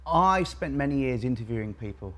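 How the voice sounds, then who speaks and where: A man from England in his forties with an English accent. He speaks as a co-host in a relaxed panel chat, and his tone is reflective and thoughtful. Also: mid-range voice, fairly quick.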